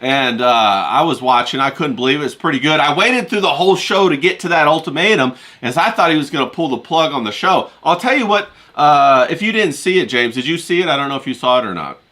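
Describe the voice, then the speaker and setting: A man's voice: a little high, expressive, a little fast, few pauses, pushed and bright. A man hosting a casual livestream, teasing his guest and talking to the chat. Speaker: livestream host.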